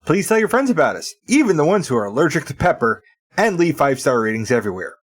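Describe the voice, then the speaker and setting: A man's voice: a little high, big pitch swings, quick pace, breathy edge. Wry man co-hosting a podcast. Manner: wry, dry humor. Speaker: podcast co-host. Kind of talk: casual chat and read announcements.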